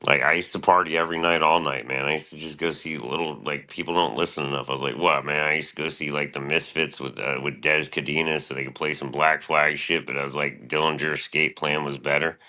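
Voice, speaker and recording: Middle-aged guy streaming, super low voice but bright edge, swears a lot, rambles on. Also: fairly even intonation, fairly quick, hardly any pauses. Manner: profane, meandering, laid-back. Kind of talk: casual rambling monologue.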